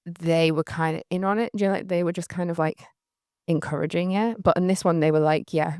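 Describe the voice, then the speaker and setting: A young woman with a light Northern English accent telling a candid, rambling story, full of fillers and quick laughs. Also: on the low side, gravelly, a little mellow, clear, resonant tone, no room sound, clean studio sound. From Northern England. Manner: chatty, rambling, laughs often, many "like" fillers. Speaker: photographer recalling her career. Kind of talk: candid anecdotal monologue.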